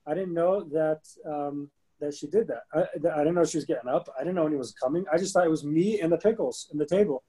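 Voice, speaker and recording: A man in his thirties co-hosts a casual podcast and tells a story with lively energy. His voice sits a little high, with a husky, mellow tone. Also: fast talker, hardly any pauses, poor audio. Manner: animated storyteller, bursts into rapping. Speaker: podcast co-host.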